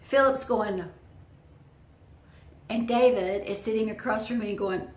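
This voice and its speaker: A woman's voice: medium pitch, fairly even intonation, moderate pace, a little mellow, roomy sound. Chatty woman telling a story. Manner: chatty, folksy storyteller who speaks to viewers directly. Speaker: vlogger. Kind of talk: storytelling vlog.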